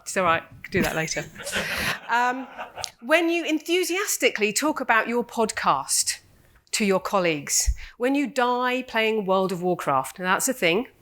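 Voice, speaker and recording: Playful bright-voiced woman speaker from Australia. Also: mid-range voice. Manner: playful, jokey, chats with the audience. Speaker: conference speaker. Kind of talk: lively keynote talk. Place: conference stage.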